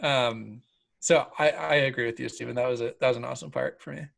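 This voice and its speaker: A man's voice: medium pitch, fairly even intonation, fairly quick, gravelly, a bit bright. A man co-hosting a podcast, chatting loosely about a book, with a lot of "like" and "dude". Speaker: podcast co-host. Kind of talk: casual book discussion.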